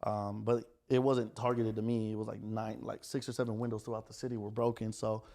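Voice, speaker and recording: A young man, telling stories in casual podcast chat, animated and profane. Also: fairly low pitch, brisk, vocal fry. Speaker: podcast guest, restaurant owner.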